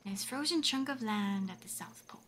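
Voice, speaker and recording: A woman's voice: mid-range voice, lively intonation, a little fast, fairly bright tone, a little hiss or hum. A woman streamer chatting casually while she plays, giggly and rambling, full of "like" fillers. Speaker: game streamer. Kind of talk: casual live-stream chat while playing.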